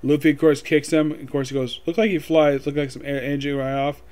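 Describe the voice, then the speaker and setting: A man casually recapping a manga chapter, rambling and reading lines aloud in quick voices. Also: fairly high pitch, steady tone, darkish tone. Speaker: manga reviewer.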